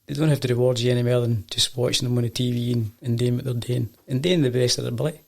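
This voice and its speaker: A man's voice: mid-range voice, steady tone, racing, gravelly, a little mellow. A Scottish man and football coach telling stories in a casual chat, acting out the voices of the people he quotes. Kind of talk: casual storytelling.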